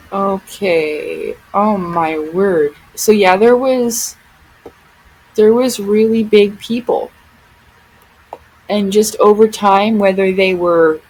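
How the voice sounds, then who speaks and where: Slow, breathy woman vlogger. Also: medium pitch, a little mellow, low-quality recording. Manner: exclaiming in amazement. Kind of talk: casual commentary on photos.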